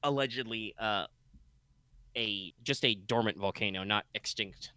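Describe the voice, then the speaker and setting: A man's voice: lowish voice, measured pace, sharp tone, smooth, no room sound. A man running a tabletop game as game master, narrating loosely with plenty of fillers and restarts. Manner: rambling, many fillers and restarts.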